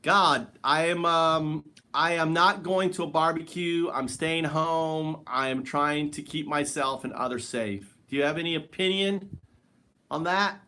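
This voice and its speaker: A man's voice: on the high side, measured pace, sharp tone. Man rambling wryly on a livestream. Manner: wry, joking, talks to an absent listener. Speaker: livestream host. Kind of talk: rambling solo livestream chat. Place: at home.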